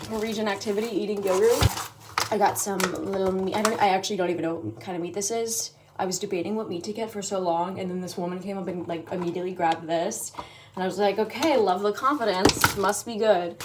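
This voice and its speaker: A woman's voice: mid-range voice, steady tone, brisk. A young American woman in her twenties, a study abroad student, chatting casually to camera with lots of fillers. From United States. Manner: chatty, full of "like" fillers and laughs. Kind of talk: casual vlog chat. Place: apartment and streets. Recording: noisy handheld vlog audio.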